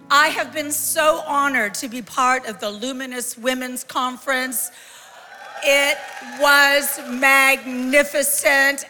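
A woman in her sixties giving a lively, joking live sermon as a guest speaker, calling out to the congregation in a large church. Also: sits high. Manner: lively, joking, calls out to the crowd. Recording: long hall reverb from a live church.

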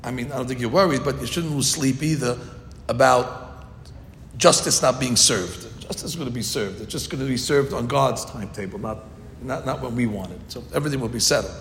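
A man's voice: a little fast, a bit bright. A man teaching a Torah class, retelling a story animatedly and acting out the quotes in voices. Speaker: rabbi. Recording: echoey hall with faint rumble.

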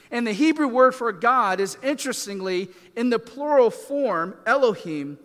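High-voiced male pastor preaching in a hall. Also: a bit bright. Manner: conversational, self-deprecating asides with many fillers. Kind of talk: sermon.

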